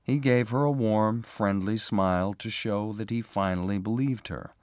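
A man slowly and clearly reading a graded story for English learners, with expressive delivery. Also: lowish voice, dry recording, studio quality. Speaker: narrator.

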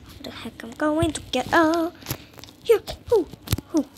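A high, lively woman voice, speaking with a sound and swinging her pitch wildly as she narrates a game. She talks in a slow, drawn-out way, jittery and dramatic, dropping into whispers and then breaking into squeals. Clear background noise sits under her voice. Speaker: gamer playing a horror escape game. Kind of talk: casual gameplay commentary.

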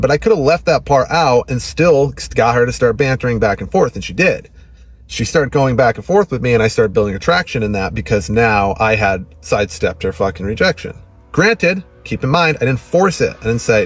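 A man's voice: mid-range voice, expressive, fairly quick, soft background music. A brash man giving dating advice as a coach, swearing casually and acting out his own pickup lines. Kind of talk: instructional monologue to camera.

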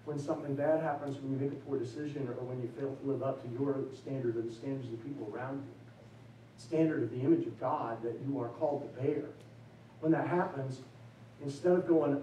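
A man giving a chapel sermon, swinging from loose, joking asides to slow, emphatic build-ups. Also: mid-range voice, warm tone, muffled recording, slight background noise. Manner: conversational preaching with emphatic rising build-ups; loose and self-deprecating, with fillers and restarts. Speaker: chapel speaker. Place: college chapel. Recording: echoey chapel, mic at a distance.

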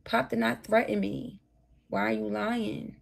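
Brief: woman livestreamer, combative late-night rant, gravelly husky voice, a touch high. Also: flat delivery, unhurried. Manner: profane, combative, talks straight at her chat. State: tired, burnt out.

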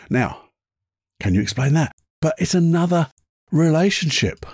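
Husky man telling stories casually. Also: fairly high pitch, sing-song, unhurried, pauses often, a little mellow, no room sound, clean studio sound. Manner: chatty, laughs at his own stories. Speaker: podcast host. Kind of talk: casual storytelling monologue.

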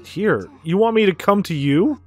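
A man's voice: sits high, expressive, normal speed, soft background music. A man reading the lines of a frightened teenage girl priestess in a video game, nervous and questioning.

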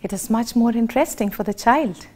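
A woman with an Indian English accent giving an educational lecture, speaking in a deliberate, expressive teaching manner. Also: fairly high pitch, slight background noise.

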